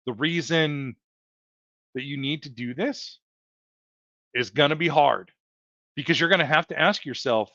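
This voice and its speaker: An earnest man hosts a heartfelt motivational livestream, circling back over his points and calling the audience folks. His voice sits a touch high. The sound is dull and lo-fi, with a dry, close feel. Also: a little slow, pauses often, a bit bright, dry recording. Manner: earnest, repetitive, addresses viewers as folks. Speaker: livestream host.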